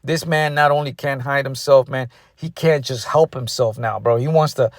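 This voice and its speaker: A man delivers a furious, profane street sermon in a mid-pitched voice. He hammers each point home and caps almost every phrase with "man". The recording is close and dry, with no room echo. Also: steady tone, normal speed. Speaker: street preacher. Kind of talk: angry ranting sermon.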